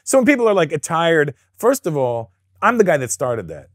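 A middle-aged man from Canada, a comedian guest in a casual interview, telling animated, profane stories full of quoted voices. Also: a little high, normal speed, no echo, clean studio sound.

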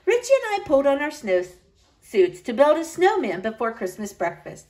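A woman reading a children's Christmas story aloud, with lively delivery and high excited lines for the children. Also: moderate pace, low-quality recording. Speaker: storybook narrator. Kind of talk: storybook read-aloud narration.

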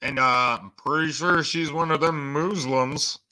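A man's voice: a little high, fairly even intonation, unhurried, sharp tone. A man hosting a reaction channel, making sarcastic, mocking comments.

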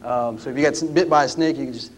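A man's voice: mid-range voice, quick pace, a little hiss or hum. A man, a historian telling anecdotes in a lecture, in a folksy way with frequent restarts. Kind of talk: storytelling lecture. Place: lecture room at a history roundtable.

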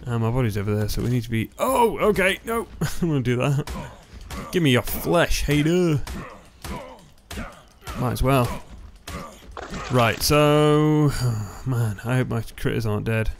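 A man commentating his own gameplay, excitable and yelling at setbacks, his voice going hoarse on a close, loud mic. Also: medium pitch, unhurried, long pauses, a little hiss or hum. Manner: excitable, yelling when dying in game. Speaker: gaming YouTuber. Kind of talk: let's play commentary. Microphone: close headset or desk mic, loud. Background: faint background music.

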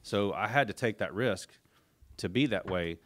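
A man's voice: lowish voice, moderate pace, a bit bright. A middle-aged man as a podcast guest, telling a long story in a rambling way, with frequent restarts and acted-out quotes. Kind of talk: casual storytelling interview.

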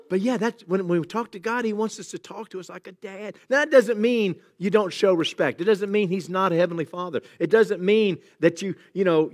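A middle-aged man preaching a sermon in a church, talking casually and cracking jokes with the congregation. His voice sits a little high and swings widely in pitch. He keeps a loose, chatty manner throughout. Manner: jokey, conversational preaching with chuckles and asides to the congregation. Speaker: pastor. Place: church sanctuary.

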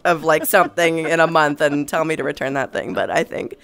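A woman's voice: low-pitched, fairly even intonation, fairly quick, fairly bright tone. A young woman hosting a gaming stream, chatting casually, laughing often and reading chat aloud over a headset mic. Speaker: streamer host.

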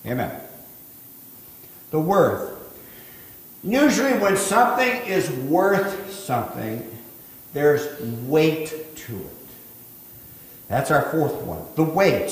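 High-voiced preaching man in an echoey hall. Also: big pitch swings. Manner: rising to emphatic preaching, quick asides. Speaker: pastor. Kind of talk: sermon. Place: church sanctuary.

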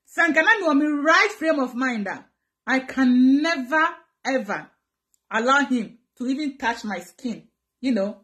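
High-voiced Ghanaian woman, dramatic. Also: moderate pace. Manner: animated, dramatic, code-switching between Twi and English. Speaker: livestreamer answering viewer comments. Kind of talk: live-stream chat.

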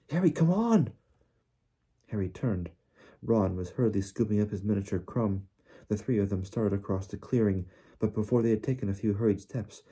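A man narrating an audiobook in a measured, deliberate reading. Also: fairly low pitch, warm tone, breathy edge. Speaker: audiobook reader.

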